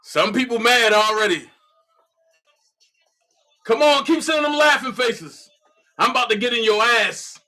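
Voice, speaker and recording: Male streamer, lively pitch swings, bright tense tone, loose stammering commentary. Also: unhurried, long pauses, soft background music. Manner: animated, stammering, repeats words. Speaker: livestream host. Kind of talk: casual live commentary.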